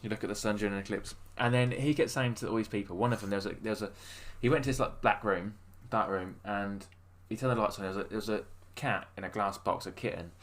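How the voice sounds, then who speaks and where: A man's voice: on the low side, fast talker, few pauses. A man co-hosting a podcast, telling long rambling stories in casual chat with many fillers. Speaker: podcast co-host.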